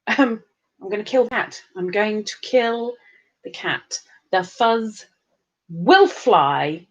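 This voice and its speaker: A woman's voice: medium pitch, lively intonation, slow, lo-fi sound. A tired woman hosting a casual live stream, chatting bubbly and greeting viewers by name with big upward swoops.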